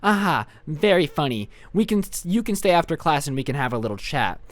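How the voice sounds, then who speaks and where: A man's voice: a little high, very animated, brisk, no echo, voice pushed down. A young man voicing a strict, indignant female substitute teacher who lectures and scolds a class in a storytime vlog. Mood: scolding.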